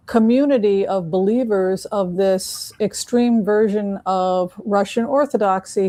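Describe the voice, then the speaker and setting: A woman in her fifties talking casually as host of a psychic tarot show, pausing often with fillers and restarts. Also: medium pitch, dark tone, no echo. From United States. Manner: halting, with many fillers and restarts. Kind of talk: casual monologue.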